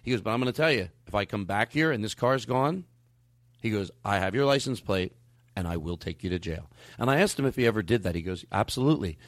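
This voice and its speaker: A man hosting a casual podcast chat, telling a story and acting out the dialogue with lively shifts in his voice. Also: lowish voice, quick pace, no room sound. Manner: animated, acts out quoted dialogue. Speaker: podcast host.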